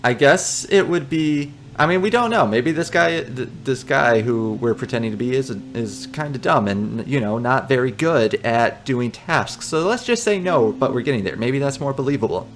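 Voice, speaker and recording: A man reads a text adventure aloud in an even, medium-pitched voice, breaking off now and then for amused, joking asides. There is a faint hiss of noise behind him. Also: normal speed, few pauses. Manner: amused, joking asides between read passages. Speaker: let's player. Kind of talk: reading a text game aloud with commentary.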